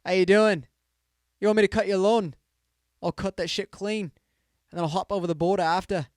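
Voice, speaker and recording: A man's voice: high voice, fairly even intonation, fairly quick, no echo, clean studio sound, voice pushed up, close to an everyday voice. A man doing a brash lawn-mowing hustler. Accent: clumsy put-on accent. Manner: loud and exaggerated.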